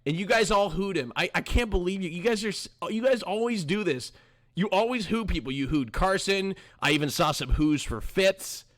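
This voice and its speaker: A young man with a bright, sharp, somewhat high voice hosts a live-streamed podcast. He rambles in a loose, chatty way and keeps answering his viewers' chat. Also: normal speed.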